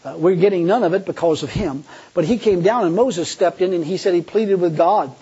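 A man's voice: high-pitched, brisk, dark tone, husky, muffled recording. A male preacher giving a folksy sermon, talking colloquially and acting out the pleas he quotes. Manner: colloquial, laughs at own jokes, acts out quoted pleas.

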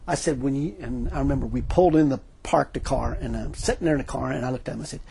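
A man's voice: medium pitch, rapid-fire, gravelly, few pauses, warm tone, a little hiss or hum. A middle-aged man preaching a sermon, telling folksy stories with emphatic lines and frequent laughter. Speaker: pastor.

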